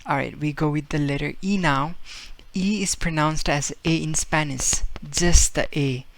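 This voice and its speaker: A man's voice: on the high side, a little slow, vocal fry, no room sound. A man giving a casual video language lesson, explaining with fillers and repeating example words as he acts them out. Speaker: Spanish teacher.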